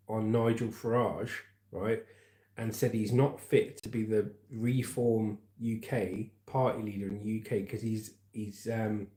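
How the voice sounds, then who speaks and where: Southern english bloke on a livestream, mellow tone, roomy echo, keeps calling people mate. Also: male voice, medium pitch. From England. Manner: chatty, calls viewers mate, laughs at comments. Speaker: livestream news host. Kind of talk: casual livestream chat reading viewer comments.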